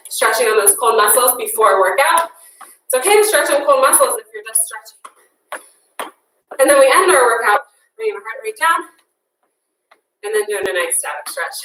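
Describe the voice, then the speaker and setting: High bright winded woman fitness instructor. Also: normal speed, a little hiss or hum. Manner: encouraging, casual, counts down reps. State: out of breath. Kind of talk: guided workout class instruction. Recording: echoey room, mic at a distance.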